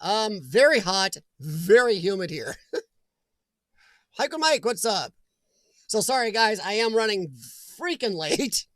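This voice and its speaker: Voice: medium pitch, big pitch swings, takes it slowly, pauses often, a bit bright, no room sound. Chatty livestream host, dry close sound. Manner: chatty, laughs often, greets viewers by name. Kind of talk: casual livestream chat. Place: at home.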